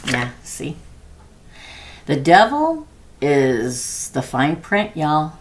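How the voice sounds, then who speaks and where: A woman's voice: low voice, sing-song, very slow, long pauses. A middle-aged woman doing a chatty live-stream tarot reading, laughing often and talking to viewers by name. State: prone to losing her voice. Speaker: tarot reader.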